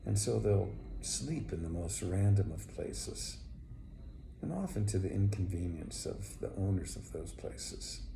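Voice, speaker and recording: A man narrating a folk tale slowly and intimately, often sinking to a whisper, recorded in an echoey room with faint noise. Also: low voice, expressive, vocal fry. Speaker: storyteller. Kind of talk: storybook narration.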